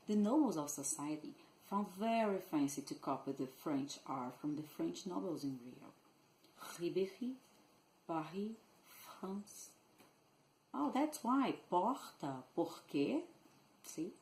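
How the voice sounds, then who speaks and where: A woman's voice: on the low side, lively intonation, unhurried, darkish tone, a little hiss or hum, low-quality recording. A woman from Rio de Janeiro state with a Brazilian Portuguese accent, teaching a Portuguese lesson and carefully demonstrating pronunciations. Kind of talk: language lesson.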